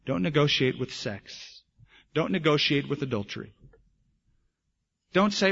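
A male pastor preaching with a lively, swooping delivery that rises and falls for emphasis. His voice is slightly husky. The recording is dull and lo-fi, like an older church tape. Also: fairly high pitch, unhurried, pauses often. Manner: animated preaching, acting out voices in stories. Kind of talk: sermon.

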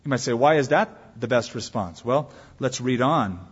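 Husky-voiced man preaching in a reverberant hall. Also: animated, moderate pace. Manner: earnest preaching with wide swings in pitch and volume. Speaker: pastor. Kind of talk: sermon. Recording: long hall reverb, dull lo-fi sound.

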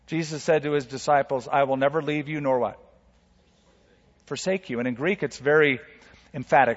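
A male pastor preaching a sermon, swinging from loud, dramatic quotes down to soft, quiet asides. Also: measured pace. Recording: reverberant hall, dull low-fidelity sound.

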